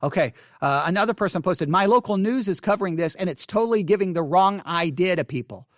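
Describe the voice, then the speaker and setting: Man, high-pitched, dry close sound, reading out viewer comments, exasperated, stammering restarts. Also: animated, fast, fairly bright tone, no echo. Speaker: channel host answering viewer comments.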